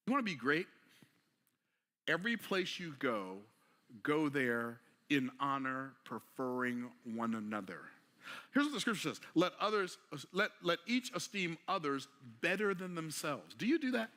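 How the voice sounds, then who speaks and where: In a motivational sermon, a male preacher speaks in a bright, forward, mid-range voice and casual vernacular. He repeatedly poses rhetorical questions to the audience and swings from quiet hushes up to a forceful climax.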